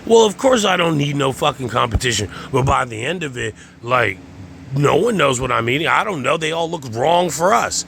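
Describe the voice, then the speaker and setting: A man with a gravelly, fry-laden voice and a bright, edgy tone rambles through a profane stream-of-consciousness monologue. He swears freely and chants the same short phrases again and again. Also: fairly high pitch, animated, normal speed, slight background noise. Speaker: host.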